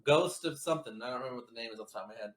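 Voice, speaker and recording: A man's voice: mid-range voice, very fast. A man co-hosting a casual movie chat, blunt and crude, swearing freely. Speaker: podcast co-host.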